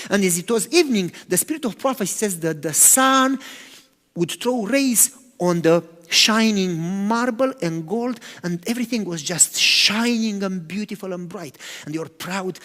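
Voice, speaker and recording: A man preaching a sermon as pastor, animated, swinging from loud to hushed. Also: high-pitched, moderate pace. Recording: long hall reverb.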